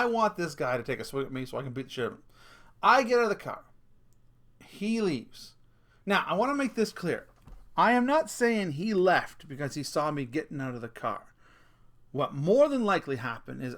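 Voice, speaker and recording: A man's voice: on the high side, a bit bright. A middle-aged man vlogging a casual rant, telling a story with swearing and laughing at himself.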